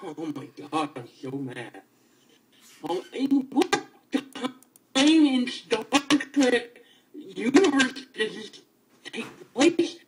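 Furious ranting man, lively swooping pitch. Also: very slow, slight background noise, rough recording. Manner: furious ranting, swinging between outbursts and low muttering; stammers and repeats himself. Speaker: video gamer. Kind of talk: angry ranting vlog.

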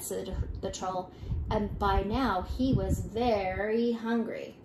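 An older woman reading a children's storybook aloud in an expressive way, with small slips and restarts. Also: medium pitch, slow pace, a little hiss or hum. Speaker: storybook reader. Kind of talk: children's read-aloud narration. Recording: echoey room.

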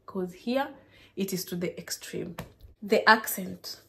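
A young Kenyan woman with a Kenyan accent, chatting to her viewers in a lively, casual vlog. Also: medium pitch, slow, gravelly. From Kenya, Kisii. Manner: lively, keeps addressing viewers as guys. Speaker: vlogger.

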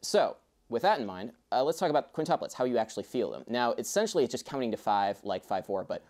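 A man's voice: medium pitch, sing-song, fast talker, a little mellow. A young man teaching a music lesson in a casual, chatty way, with rambling asides.

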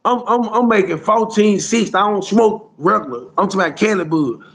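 A man's voice: high-pitched, a little fast, gravelly, a bit bright, a little hiss or hum. A man telling a rambling street story in casual slang, with lots of "bro" and "you hear me" along the way. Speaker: storyteller guest.

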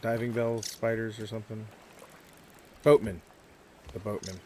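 American dude co-playing a game, laid back joking, bit of faint noise behind. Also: male voice, fairly low pitch, fairly even intonation, unhurried, warm tone. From United States. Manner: easygoing, joking banter. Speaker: co-player guest. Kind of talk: casual gameplay chat.

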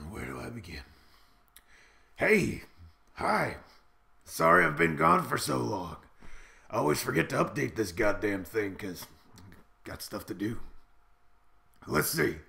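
A man's voice: medium pitch, gravelly, sharp tone. A man rambling through a profane, boastful comedic monologue to camera, full of swaggering bravado. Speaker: comedy vlogger in character.

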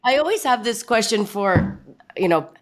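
A woman's voice: fairly high pitch, animated, normal speed. A woman hosting a podcast in a casual, easygoing chat, laughing often. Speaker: podcast host.

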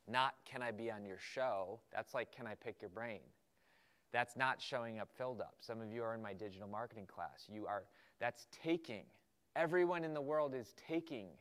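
Animated man teaching a workshop. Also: medium pitch. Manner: animated, acts out quoted emails and students' questions. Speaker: entrepreneurship instructor. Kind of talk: energetic workshop lecture.

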